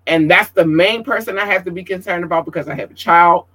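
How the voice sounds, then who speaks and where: Man, livestream host, fairly high voice, emotional, outspoken, profane. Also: quick pace, pushed and bright, low-quality recording. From Georgia, USA. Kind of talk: casual livestream chat.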